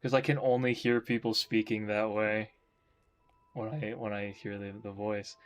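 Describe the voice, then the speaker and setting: A man's voice: lowish voice, flat delivery, moderate pace. A man chatting casually while drawing on stream, rambling and joking about himself. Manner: rambling, jokey, self-mocking.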